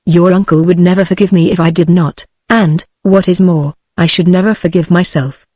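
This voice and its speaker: A woman's voice: on the low side, fairly even intonation, moderate pace, mellow, no room sound, studio quality, natural voice. A text-to-speech woman's voice with a British accent, voicing a young English officer in a novel, practical and reassuring.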